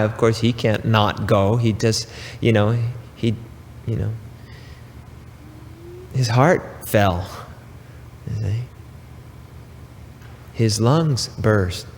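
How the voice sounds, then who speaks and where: A man giving a spiritual talk, preaching slowly and emphatically with pauses and casual asides. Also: lowish voice, in a large hall, slight background noise. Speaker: spiritual teacher.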